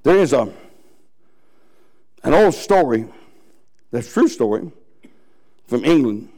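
A man preaching a dramatic sermon as pastor, swinging from loud high bursts to hushed drops. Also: big pitch swings, slow pace. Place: church.

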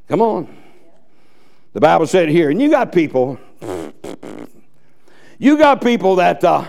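A man's voice: high-pitched, vocal fry, a little mellow. A man preaching a fiery, folksy sermon with bursts of emphasis.

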